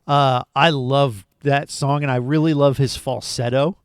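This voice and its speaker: A man's voice: mid-range voice, steady tone, a little slow, clear, resonant tone, dry recording, studio quality. A man co-hosting a podcast, chatting eagerly about a film and rambling with fillers. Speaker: podcast co-host. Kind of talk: casual movie review chat.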